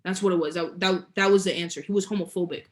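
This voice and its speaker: A woman's voice: on the low side, steady tone, quick pace. A young woman, a guest entrepreneur, telling a story in a casual interview, laughing often and stretching key words. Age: young adult.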